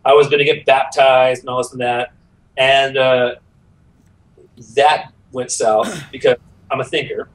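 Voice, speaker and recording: A middle-aged man, a podcast guest, telling a personal story in a casual, animated way, acting out the voices he quotes. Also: medium pitch, unhurried, long pauses, recorded from a distance, rough recording.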